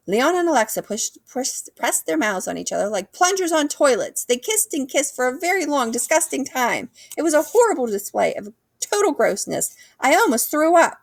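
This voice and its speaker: A woman reading a children's book aloud with lively, animated storytelling. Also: high voice, normal speed, creaky, no room sound. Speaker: reader.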